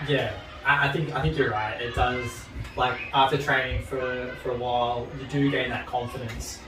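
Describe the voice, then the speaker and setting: A man's voice: mid-range voice, level tone, normal speed, music in the background. A man hosting a casual interview, mostly giving short agreements and sharing brief thoughts. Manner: affirming, frequent short agreement. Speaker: host and coach. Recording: roomy, distant mic, background noise.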